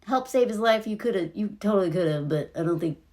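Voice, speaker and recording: Animated, sarcastic woman ranting. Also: medium pitch, quick pace. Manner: blunt, sarcastic, exasperated. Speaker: video creator. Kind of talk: sarcastic TV commentary rant.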